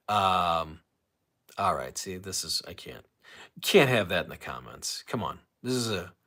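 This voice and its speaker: Low-voiced man rambling through a live stream. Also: pushed and bright. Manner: rambling, reads chat comments aloud, frequent restarts. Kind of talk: casual live stream chat.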